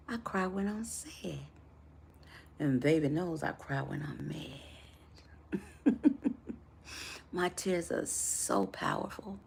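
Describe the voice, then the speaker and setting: A woman's voice: on the low side, creaky, slight background noise. A woman life coach giving a motivational live talk to her viewers, affectionate and preacher-like in her encouragement.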